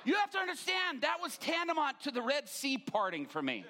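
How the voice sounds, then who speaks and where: A man's voice: very high voice, brisk, a little hiss or hum. A man, a pastor, telling a humorous story in a sermon and acting out the voices of the people in it. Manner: animated, acts out quoted voices.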